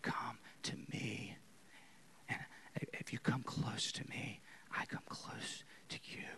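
A man voicing God as a close, tender spirit in whispered role-play, breathing soft, intimate words of comfort. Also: mid-range voice, little pitch movement, slow, creaky, slightly rough, heavily acted.

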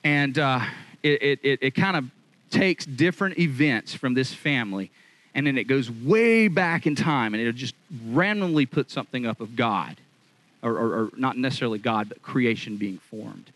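Animated, chatty male preacher. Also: medium pitch, normal speed, no echo, low-quality recording. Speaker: pastor. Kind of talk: conversational sermon.

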